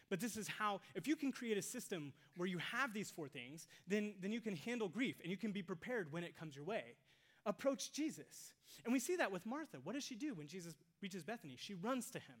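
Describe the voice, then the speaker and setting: A pastor preaching a sermon to a congregation, swinging between loud emphasis and hushed near-whispers and asking rhetorical questions. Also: mid-range voice. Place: church sanctuary with congregation.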